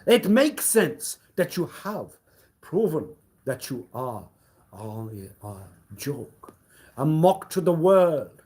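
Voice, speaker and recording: A man hosting a livestream, giving an improvised mock lecture in a preachy, theatrical way that swings between loud scolding declarations and hushed low murmurs. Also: very animated, takes it slowly. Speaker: livestream host.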